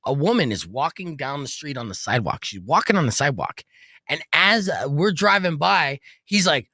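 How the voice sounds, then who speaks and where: A man in his thirties hosting a casual podcast, his voice bright and swinging widely in pitch as he tells rowdy stories. He yells out the lines of the people he quotes. The sound is dry and close. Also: moderate pace, no room sound. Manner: animated, rowdy storytelling, yelling out quoted lines. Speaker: podcast host.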